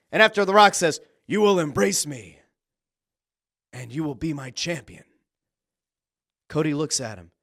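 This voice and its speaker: Man, podcast host, casual commentary, high-pitched, very lively intonation, excitable, swears freely. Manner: excitable, acts out reactions with quoted exclamations; uses profanity freely.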